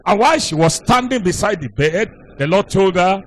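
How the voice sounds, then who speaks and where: Brief: male pastor, high voice, emphatic preaching with repeated phrases. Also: animated, normal speed, hardly any pauses. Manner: emphatic, repetitive preaching cadence. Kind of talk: sermon.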